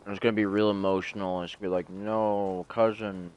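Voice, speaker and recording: Deep, smooth-voiced man joking over gameplay. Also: flat delivery, racing, darkish tone, dull audio. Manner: joking, mock-dramatic. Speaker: gameplay streamer. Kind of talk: casual playthrough commentary.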